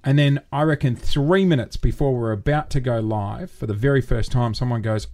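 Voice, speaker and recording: A man's voice: medium pitch, moderate pace, hardly any pauses. A man in his thirties co-hosting a casual podcast, telling a funny anecdote and swearing freely. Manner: animated anecdote-teller who swears freely. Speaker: podcast co-host. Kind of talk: casual chat, comic storytelling.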